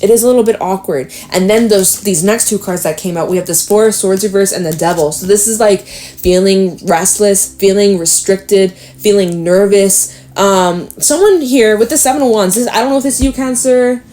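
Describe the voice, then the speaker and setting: A woman's voice: mid-range voice, moderate pace. Chatty woman reading tarot cards. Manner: chatty, thinking aloud, animated exclamations. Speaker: tarot reader. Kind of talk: casual tarot reading to camera.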